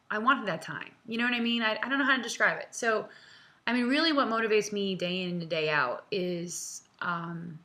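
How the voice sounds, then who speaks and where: A woman's voice: mid-range voice, sharp tone. Earnest, chatty woman vlogging from home. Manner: chatty and earnest, many fillers, laughs, close to tears. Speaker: vlog host answering viewer questions. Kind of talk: casual, heartfelt direct-to-camera talk.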